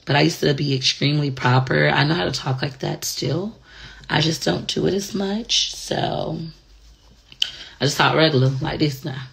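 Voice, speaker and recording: A woman's voice: sits low, normal speed, creaky, fairly bright tone, slight background noise. A woman in casual confessional chat, talking bluntly and frankly with plenty of profanity. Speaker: online personality.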